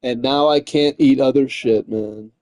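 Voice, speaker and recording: A man's voice: mid-range voice, measured pace, darkish tone, no room sound. Rambling, profane guy. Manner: rambling, profane, says "man" and "dude" a lot. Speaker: gaming streamer. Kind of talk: casual rambling chat.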